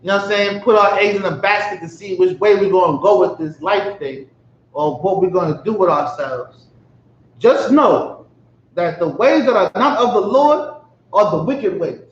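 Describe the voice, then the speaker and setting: A man's voice: high-pitched, moderate pace. A man preaching with emphatic rhetorical questions, often asking if his listeners understand. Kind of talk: street-style religious preaching. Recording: echoey lo-fi room recording.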